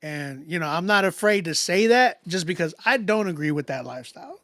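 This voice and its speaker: A man's voice: sits high, expressive, brisk, fairly bright tone, no room sound, clean studio sound. A man hosting a live music critique stream, talking in a loose, slangy way with frequent laughs and restarts. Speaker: livestream music critique host. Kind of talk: casual live-stream chat.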